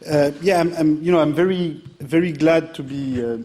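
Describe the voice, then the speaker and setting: A man's voice: fairly high pitch, normal speed, darkish tone. French-accented man giving a lecture. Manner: hesitant, many fillers and restarts. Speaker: guest lecturer. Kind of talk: academic public lecture. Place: large lecture theatre.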